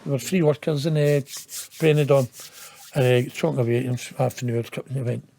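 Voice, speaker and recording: Here the same kind of guest, a Scottish man in his fifties, speaks in a gravelly, warm, medium-pitched voice with fairly even intonation at normal speed. He drags out a long tale, swearing, mocking himself, and laughing along the way.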